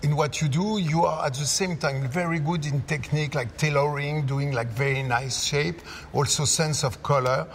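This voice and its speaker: Man with a fairly high voice, searching for words. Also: fairly even intonation, normal speed, creaky, few pauses, in a large hall, slight background noise. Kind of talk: casual interview talk.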